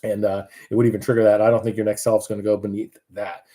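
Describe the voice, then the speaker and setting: A man's voice: lowish voice, little pitch movement, racing, dark tone. A man giving casual live market commentary, chatty and loose, with many fillers and restarts.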